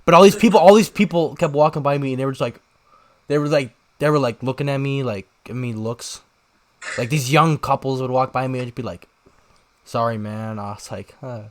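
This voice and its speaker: A young man co-hosting a podcast, telling a rambling story in casual chat and shouting out the lines he quotes. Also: mid-range voice, fairly quick. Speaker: podcast co-host.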